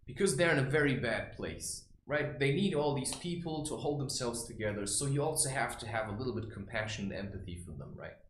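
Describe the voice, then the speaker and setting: A man's voice: medium pitch, lively intonation, fairly quick, few pauses, noisy background. A man giving a rambling spiritual monologue, blunt and profane, often tossing in "right?" and "you know". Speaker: creator sharing spiritual advice. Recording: roomy echo with faint ambience.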